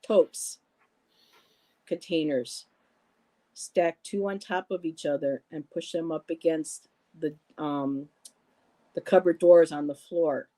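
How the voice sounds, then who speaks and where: Her voice sits low with a dark, steady tone, and she speaks slowly with frequent pauses on a rough recording. A woman hosting a casual livestream, she reads viewer comments aloud and greets people by name, with many ums and restarts.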